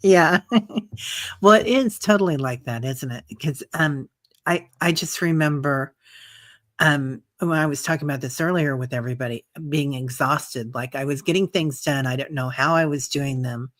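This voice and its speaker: A woman's voice: rumbling low, fairly even intonation, normal speed, a bit bright, no room sound, clean studio sound. A woman podcast host in casual conversation, agreeing readily with her guest and laughing easily. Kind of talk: casual interview chat.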